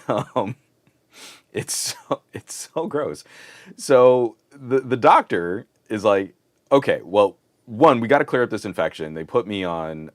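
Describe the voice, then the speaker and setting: A man hosting a casual podcast, telling a long story in an animated, rambling way. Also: a bass voice, no room sound. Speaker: podcast host.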